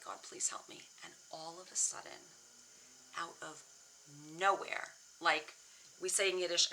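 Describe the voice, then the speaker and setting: A middle-aged woman therapist speaks earnestly, restarting her thoughts as she tells a personal story. Her voice is lowish yet very bright, and a faint hiss sits behind her. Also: low-quality recording. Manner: earnest, candid, with many restarts. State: emotional, near tears. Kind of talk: personal reflective talk.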